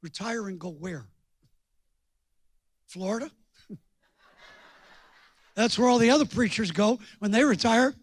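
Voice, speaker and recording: Older preacher with a high, dry voice. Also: male voice, lively intonation, measured pace, pauses often, no echo. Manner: folksy, joking, swings from hushed to loud. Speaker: guest preacher. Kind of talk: storytelling sermon.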